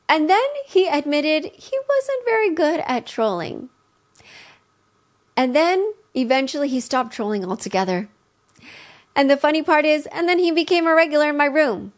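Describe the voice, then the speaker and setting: A woman's voice: sits high, expressive, measured pace. A woman podcast host telling a personal story in a chatty way, laughing often and restarting her sentences.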